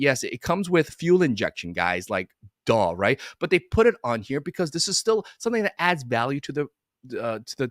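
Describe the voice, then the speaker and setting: A man gives a casual live-streamed lesson to chiropractors. He rambles, swears offhandedly and keeps asking whether listeners follow him. His pitch swings widely, and the sound is dry and close. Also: no echo. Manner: animated and rambling, with casual swearing and frequent check-ins with listeners. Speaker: business coach for chiropractors.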